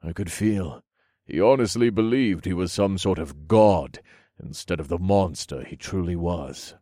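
Male narrator, deep voice, unhurried, fantasy audiobook, dry close mic. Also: dark tone, no echo.

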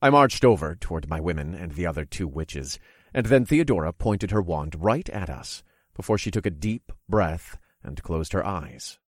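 A man reading a first-person fantasy story in a steady, descriptive way. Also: low voice, moderate pace, no room sound, studio quality. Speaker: narrator.

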